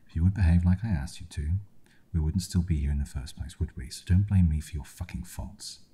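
A man's voice: a bass voice, fairly quick, dark tone. A man voicing a bitter, cruel young man who speaks harshly and swears, in a whispered role-play.

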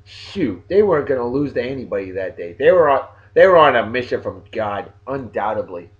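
Speaking fairly quickly and with plenty of animation, this vlog host has a medium-pitched voice and a New England accent. He jokes directly to his audience while giving shout-outs, though the recording is muffled.

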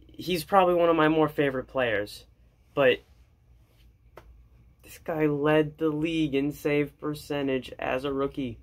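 A man vlogging as an excited hockey fan, gushing and jokey, repeating his lines. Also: on the high side. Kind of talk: excited fan commentary to camera.

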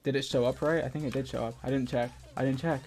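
A man's voice: medium pitch, fairly even intonation, fast, darkish tone. Chatty streamer man over faint music. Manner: chatty and scattered, laughs often, thanks viewers. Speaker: live streamer. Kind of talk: casual live-stream chat while gaming. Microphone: desk microphone. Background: faint game music.

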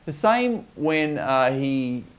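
A man's voice: on the high side, very animated, slow pace. Man preaching a reflective sermon. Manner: reflective, with fillers and restarts.

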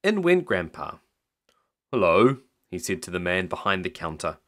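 A father reads a picture book aloud as a bedtime story. His voice sits slightly low, but its pitch swings widely in an expressive storytelling manner. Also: fairly quick. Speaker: parent reading a bedtime story.

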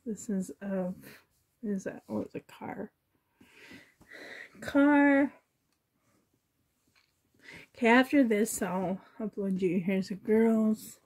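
A woman chatting to herself and her viewers while sorting doll clothes, sentimental and softly laughing. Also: mid-range voice, fairly even intonation, a little slow, breathy edge. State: emotional, choked up. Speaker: reborn doll collector vlogger.

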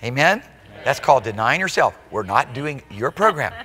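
A male pastor delivering a live church sermon in a mid-range voice, neither high nor low. He punches some phrases out loudly and drops to near-hushed asides on others. He keeps tossing quick rhetorical check-ins to the room. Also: big pitch swings, big-room sound. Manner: emphatic preaching, swinging between loud exclamations and soft intimate asides. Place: church sanctuary during a live service.

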